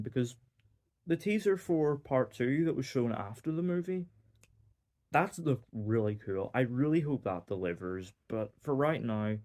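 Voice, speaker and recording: A young man from Northern Ireland with a Northern Irish accent talks casually through a movie review. His voice is mellow and warm, at a middling pitch. He rambles with frequent fillers and dry, wry asides. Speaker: film reviewer.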